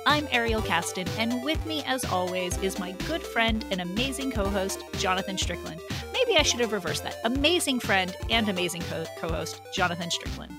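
A woman's voice: mid-range voice, expressive, normal speed, few pauses, loud music behind the voice. A woman hosting a geeky podcast, playful and giggly in casual chat, humming silly sound effects. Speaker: podcast host.

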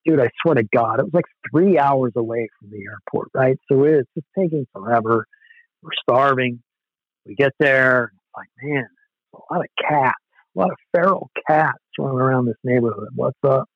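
A man casually telling an animated, loose, swearing story about touring as a musician. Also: mid-range voice, normal speed, no echo. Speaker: musician guest. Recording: dull, lo-fi sound.

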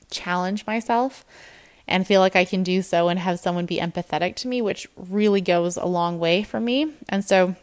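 A woman's voice: mid-range voice, clean tone. A woman fitness and nutrition coach giving a casual motivational talk, candid and encouraging, acting out her own inner voice.

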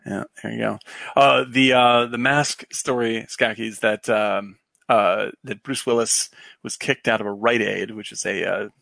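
A man's voice: fairly low pitch, steady tone, unhurried, vocal fry, fairly bright tone, no room sound. A man hosting a casual chat about old films, rambling and swearing, with a worn-out voice. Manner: rambling, swearing, laughing often.

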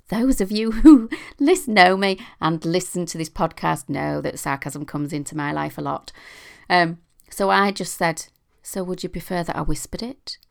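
A woman's voice: low-pitched, gravelly, fairly bright tone, clean tone. A middle-aged British woman hosting a podcast, talking casually and chattily with a self-deprecating sense of humour. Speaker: podcast host.

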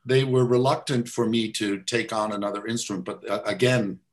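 Relaxed American man, wry storyteller. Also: on the low side, brisk. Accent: American Midwest. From United States. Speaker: guest conductor. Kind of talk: casual interview chat.

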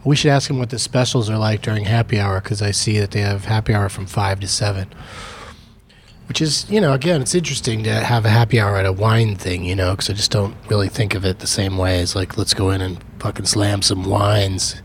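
A man's voice: fairly low pitch, brisk, a little hiss or hum. A man co-hosting a podcast, chatty and joking in casual conversation at a restaurant. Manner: chatty, joking, laughs often. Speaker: podcast co-host. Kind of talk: casual chat.

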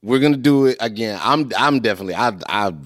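A man's voice: quick pace, no room sound, clean studio sound. A man hosting a podcast, chatting casually and animatedly. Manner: animated, laughing, swings high when excited. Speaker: podcast host. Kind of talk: casual chat.

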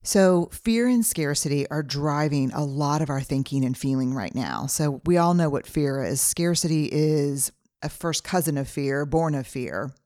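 A woman's voice: low voice, expressive, moderate pace, mellow, no echo, studio quality. A middle-aged woman hosting her own podcast, talking earnestly through numbered advice in a solo monologue. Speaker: podcast host.

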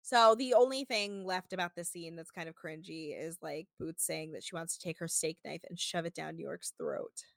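A woman's voice: sits low, normal speed, vocal fry, few pauses, no room sound. Swearing woman recapping casually. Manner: rambling, swears freely, quotes people in bursts. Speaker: podcast host recapping a reality show.

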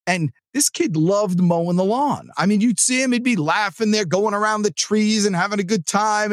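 Man from New Jersey, podcast host, high voice, lively swooping pitch, rambling, dry close sound. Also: dry recording. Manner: animated and rambling, with many restarts. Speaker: podcast host and sales trainer. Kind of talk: casual motivational monologue.

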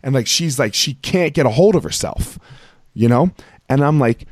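A man hosting a podcast, telling a story in a rambling, excitable way full of filler words and restarts. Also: mid-range voice, normal speed, husky, no echo. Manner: excitable, emphatic. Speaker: podcast host. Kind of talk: casual storytelling chat.

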